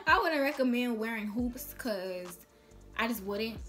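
A young woman vlogs casual advice in a chatty, slangy way, slipping into little acted dialogues. Her voice sits a bit high. Faint music plays underneath. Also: lively intonation, takes it slowly, fairly bright tone. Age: young adult. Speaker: vlogger.

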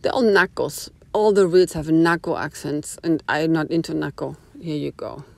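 A woman's voice: sits low, moderate pace, vocal fry, no room sound. A woman talking casually to her phone camera in a rambling, opinionated monologue full of asides. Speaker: vlogger. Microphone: small phone camera.

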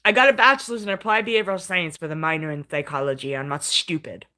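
A woman's voice: low-pitched, steady tone, quick pace, sharp tone. Earnest aggrieved woman vlogging. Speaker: independent journalist vlogger. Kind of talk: vlog monologue.

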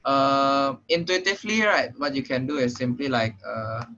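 A young man with a Singaporean English accent teaches programming over an online call. He talks casually, with frequent fillers and "right?" check-ins, in a bright, forceful voice. The audio is muffled and lo-fi, like a computer microphone. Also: mid-range voice, moderate pace. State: slightly out of breath. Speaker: programming tutor. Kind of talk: online tutorial lesson.

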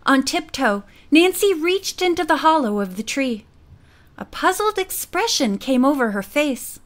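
A woman narrating a girls' mystery audiobook in a measured, quiet storytelling manner. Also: high voice, lively intonation. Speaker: audiobook reader. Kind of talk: scripted narration.

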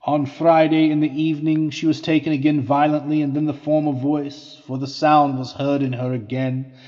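A man reading an old historical account in a measured, formal way. The recording is muffled and lo-fi, with a long reverb trailing each phrase. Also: fairly high pitch, little pitch movement, a little mellow. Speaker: reader. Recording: dull lo-fi audio with long reverb.

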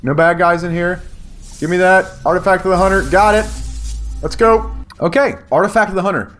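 A man giving casual, excitable commentary on his gameplay, talking to viewers and yelping when danger shows up. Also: high voice, a little fast, soft background music. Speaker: gaming YouTuber.

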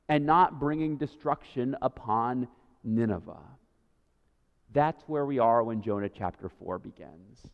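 A man's voice: mid-range voice, a little mellow. A man preaching a sermon as a pastor, in a conversational way, often checking in with the listener by asking "right?". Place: church sanctuary. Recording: dull sound with long church reverb.

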